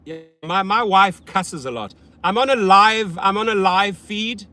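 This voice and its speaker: A man hosts a casual livestream as a rideshare driver, talking at a measured pace. He's blunt and often profane, swinging from loud hype to low muttering.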